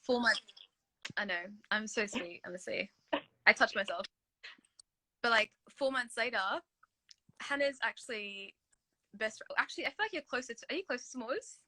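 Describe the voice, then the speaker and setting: A woman's voice: fairly high pitch, expressive, normal speed, pauses often, pushed and bright, no echo, low-quality recording. A young woman from Australia, co-hosting a casual chat in a rambling way. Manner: rambling, many fillers and restarts. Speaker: co-host.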